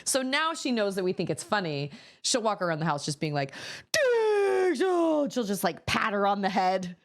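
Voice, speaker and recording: A woman's voice: mid-range voice, expressive, a little fast. A woman in her thirties chatting casually as a streamer, laughing often and breaking into sudden exclamations. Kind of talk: casual chat while building.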